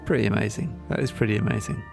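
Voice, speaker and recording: A man co-hosting a casual podcast, dry and wry, slowing down to read out facts. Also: on the low side, fairly even intonation, vocal fry, music in the background. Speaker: podcast co-host. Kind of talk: casual chat.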